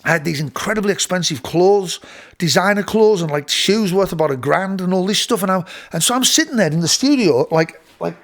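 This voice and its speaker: A man's voice: high voice, lively intonation, a little fast. A middle-aged man, telling a rambling studio story with many restarts and playful voice impressions. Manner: rambling, full of restarts, mimics voices with laughter. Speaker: host. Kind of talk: casual storytelling.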